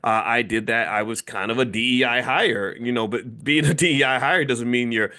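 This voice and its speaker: A man's voice: medium pitch, moderate pace, bright, forceful tone. Middle-aged male host, loose rambling delivery, playful when quoting others. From United States. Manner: rambling, with many fillers and restarts. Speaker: finance commentator and channel host. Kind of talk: casual commentary monologue.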